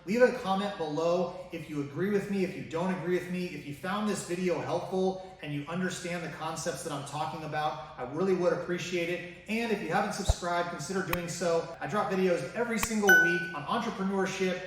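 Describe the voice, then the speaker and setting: A man's voice: high voice, brisk, few pauses, a bit bright. A man hosting a personal finance video, talking straight to the viewer with enthusiasm and many rhetorical questions. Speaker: finance YouTuber. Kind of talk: direct-to-camera finance vlog. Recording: very echoey room, mic at a distance.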